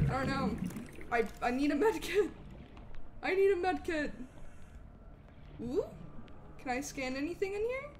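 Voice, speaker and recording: Excitable high-voiced woman streamer. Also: slight background noise. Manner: excitable, swings between loud shouts and low mutters. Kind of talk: live gameplay commentary.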